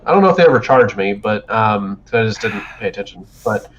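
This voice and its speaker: A man's voice: fairly low pitch, animated, quick pace, a little hiss or hum. A man co-hosting a podcast, telling a long profane story in a rambling way with many restarts. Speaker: podcast co-host. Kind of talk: casual chat. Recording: dull lo-fi stream audio.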